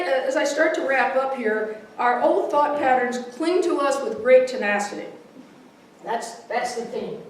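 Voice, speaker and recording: A fairly high-pitched woman minister gives a chatty, relaxed sermon, blending readings and a funny story while warmly laughing at her own jokes. She is recorded far away in a large, very echoey hall with a congregation, with a small amount of hiss or hum.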